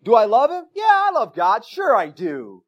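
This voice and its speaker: A pastor delivering a sermon in an easygoing, conversational way, often checking in with the congregation and using everyday examples. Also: male voice, extremely high pitch, huge pitch swings, normal speed, highs cut off. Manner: conversational preaching with frequent tag questions and homely examples.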